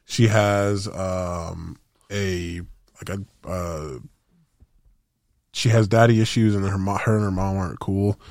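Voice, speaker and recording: A man's voice: low voice, steady tone, slow, a little mellow, no echo, clean studio sound. A man co-hosting a podcast, chatting casually in a rambling, slangy way with lots of fillers and restarts. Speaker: podcast co-host. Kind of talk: casual chat.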